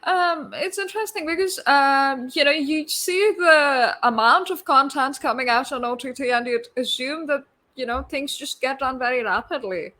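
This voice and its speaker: Woman host, bright kinda high voice, thoughtful and measured. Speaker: talk show host. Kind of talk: casual interview chat.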